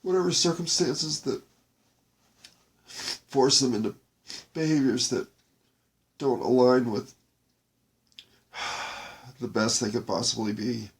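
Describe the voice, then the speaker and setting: Low-voiced guy talking real slow, halting, choking up on his own podcast. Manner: slow, halting, searching for words. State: tearful, voice breaking. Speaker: podcast host. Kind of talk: reflective solo monologue.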